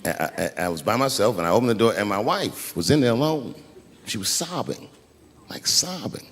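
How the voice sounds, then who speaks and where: A man doing a stand-up comedy routine, telling his story in a lively way that swings from hushed asides to shouted punchlines. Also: mid-range voice, a little fast. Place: large theater stage before a live audience. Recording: roomy hall with loud crowd noise.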